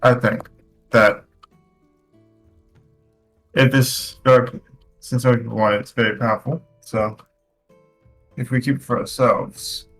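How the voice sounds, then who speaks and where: A man's voice: mid-range voice, steady tone, measured pace, pauses often, a bit bright, soft background music. A man playing a tabletop game, talking hesitantly and restarting his sentences. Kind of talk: tabletop game play, casual.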